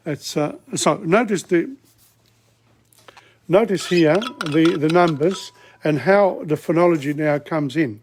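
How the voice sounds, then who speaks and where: A middle-aged man teaching a language lesson, slowly and deliberately sounding out words syllable by syllable. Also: on the high side, a little mellow. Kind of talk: slow spoken language lesson.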